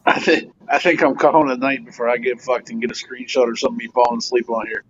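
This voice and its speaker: A man's voice: medium pitch, steady tone, fast, noisy background. Teasing man on lo-fi audio. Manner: teasing, profane banter. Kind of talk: casual chat. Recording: dull lo-fi audio.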